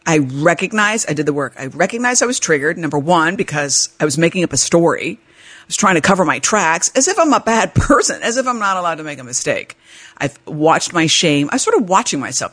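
A woman hosting a podcast, telling a personal story in a chatty, animated way and laughing as she talks. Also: breathy edge. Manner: animated, jumps into high-pitched voices when reenacting her panic; chatty, laughs while talking. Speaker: podcast host.

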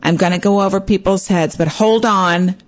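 A woman's voice: medium pitch, steady tone, moderate pace, pitched above the performer's own voice, close to an everyday voice. A woman playing a helpful, cheerful female phone clerk at a gas company.

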